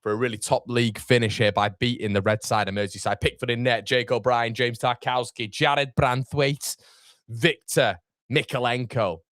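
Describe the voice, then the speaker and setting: A man's voice: medium pitch, fairly even intonation, moderate pace, a bit bright, no room sound, studio quality. Chatty man hosting a football stream. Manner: chatty, informal, reads viewer comments aloud. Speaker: football watchalong host. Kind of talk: live-stream chat reading comments.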